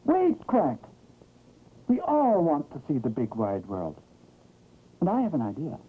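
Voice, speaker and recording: A man's voice: mid-range voice, very animated, moderate pace, natural voice. A man voicing a small, earnest male baby chick in a 1960s cartoon, talking eagerly and hopefully. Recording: muffled, hissy 1960s film soundtrack.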